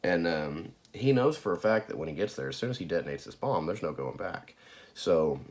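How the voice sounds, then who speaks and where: A man's voice: deep voice, animated, brisk, a little mellow. A man casually recapping a film, rambling and profane, with frequent fillers and laughs. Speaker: movie reviewer. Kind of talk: casual spoken movie recap.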